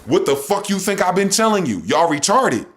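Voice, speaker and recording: A man hosting his own show, ranting and swearing while he reads word definitions aloud, swinging between loud outbursts and low muttering. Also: animated, a little fast. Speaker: podcast host.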